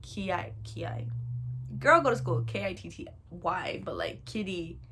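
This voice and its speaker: A young woman telling a funny childhood story in a casual storytime, animated and dramatic, laughing as she goes. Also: lowish voice, measured pace, a little hiss or hum. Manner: animated and dramatic, shouting and wailing re-enactments.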